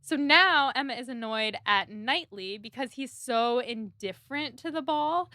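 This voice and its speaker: A woman's voice: on the high side, bright, forceful tone, no room sound, clean studio sound. A woman co-hosting a podcast, recapping a novel in a chatty, casual way with frequent laughs and lots of "like". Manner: chatty, laughing, many likes. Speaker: podcast co-host. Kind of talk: casual book discussion.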